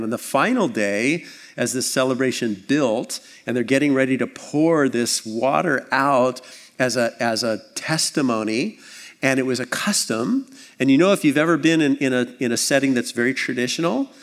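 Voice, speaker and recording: A man preaching a sermon as pastor, conversational and animated, acting out little scenes with asides. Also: medium pitch. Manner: animated, acts out voices and scenes.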